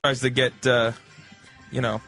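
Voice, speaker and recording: Sheepish halting young man, bright voice. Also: medium pitch, flat delivery, gravelly, soft background music. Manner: halting, many fillers, sheepish. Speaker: intern and impressionist guest. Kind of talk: casual radio talk. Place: radio studio.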